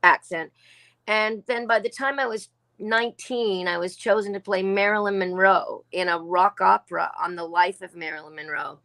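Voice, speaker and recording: A woman's voice: medium pitch, moderate pace. Chatty woman in her sixties telling stories. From Australia. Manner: chatty, lively storytelling with quoted asides. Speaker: guest actor. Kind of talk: casual interview chat.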